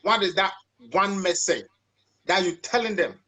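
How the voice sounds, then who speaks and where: A man's voice: high voice, expressive, normal speed, sharp tone. A man hosting a casual interview, affirming his guest and stumbling over his words as he asks questions. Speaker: interviewer host.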